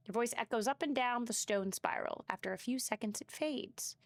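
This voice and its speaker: A woman's voice: fairly high pitch, normal speed, no room sound. A woman streaming gameplay live, reading game text aloud and swearing as she talks to chat.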